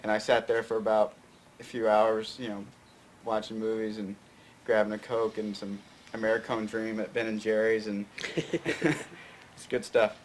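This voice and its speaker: A man's voice: lowish voice, little pitch movement, unhurried. Young man from Tennessee, rambling story, lots of fillers, faint background hiss. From Fayette County, Tennessee. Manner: rambling, many fillers and restarts. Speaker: guest filmmaker. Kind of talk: casual storytelling interview.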